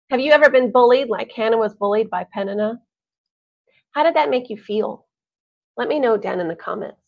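A woman retells a Bible story for families in an animated, chatty way, her voice pitched fairly high. The recording sounds dull and lo-fi, with little top end. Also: normal speed, gravelly, pauses often. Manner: animated, chatty, with sighs and laughs. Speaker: Bible teacher.

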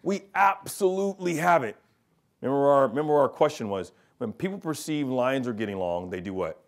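A man's voice: medium pitch, lively intonation, fairly quick. A middle-aged man giving a business presentation to students, telling stories and asking the audience rhetorical questions. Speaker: keynote speaker and consultant.

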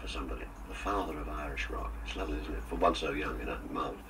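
A man's voice: rumbling low, fast, distant mic, background noise. An older man, a guest on a radio interview, reminiscing with jokes and theatrical asides. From England. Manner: jokey, theatrical storyteller with asides.

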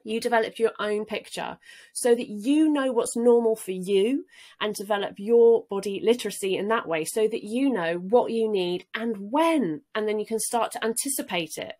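A woman's voice: mid-range voice, moderate pace, warm tone. A woman guest talking in an earnest, easygoing way, now and then laughing lightly. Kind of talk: casual interview talk.

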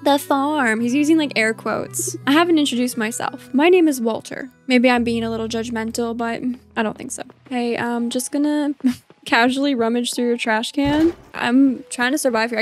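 Woman gameplay host, playful and chatty, fairly high voice, faint music bed. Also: steady tone, normal speed. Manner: chatty, playful, easily delighted. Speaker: let's play host. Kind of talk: casual gameplay commentary.

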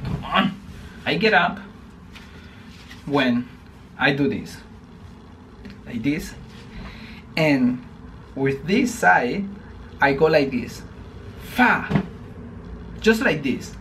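Slow, halting man vlogging at home. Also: fairly high pitch, animated, background noise. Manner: slow, halting and repetitive, swears often. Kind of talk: casual vlog monologue. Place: home bedroom.

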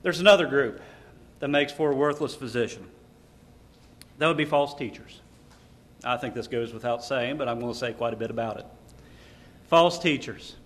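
A man's voice: mid-range voice, normal speed, pauses often, a bit bright. A man preaching a sermon at a lecture series, emphatic, asking the audience rhetorical questions and quoting scripture. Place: lecture hall.

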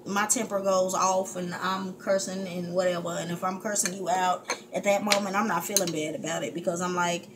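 A woman's voice: on the low side, a little fast, few pauses. A woman vlogger venting candidly to her viewers, frustrated and heated, talking in fits and restarts at home. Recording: steady background hiss.

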